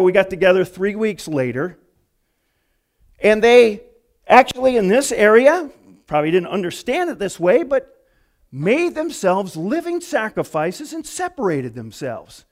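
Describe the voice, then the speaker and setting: High, lively-voiced man preaching. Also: normal speed. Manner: storytelling, acting out quoted voices. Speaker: pastor. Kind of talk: conversational sermon.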